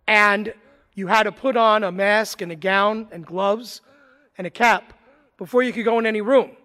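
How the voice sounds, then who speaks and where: A priest delivers his homily in a slow, deliberate way, building stories with dramatic pauses and sudden swells. His voice sits high for a man. The sound rings out with the long reverb of a large church. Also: a bit bright. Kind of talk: sermon with told anecdotes.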